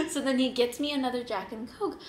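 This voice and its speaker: Young woman rambling thru a story, kinda high voice, lots of laughing, echoey room. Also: moderate pace. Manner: animated, rambling, laughs often, acts out quotes. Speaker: mukbang host. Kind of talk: casual storytelling. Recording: roomy echoing room.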